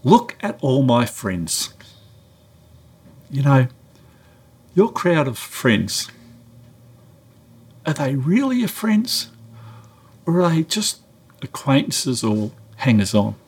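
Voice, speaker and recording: A man's voice: slow, long pauses, slightly rough. A middle-aged man giving a sermon-style talk, telling a story and acting out both sides of the dialogue. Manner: animated storyteller, acts out dialogue with raised pitch. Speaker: preacher.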